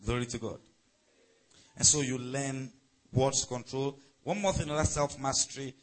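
A middle-aged pastor preaches a sermon with emphasis, his voice swinging from loud to soft as he checks in with the congregation. He speaks in a mid-range voice at a normal pace, and the recording quality is low.

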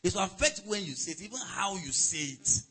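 A middle-aged pastor delivers a sermon in a husky, fairly high and strikingly bright voice. He preaches emphatically, rising loud and dropping soft, and keeps asking the congregation whether they follow him. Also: very animated, fairly quick, rough recording.

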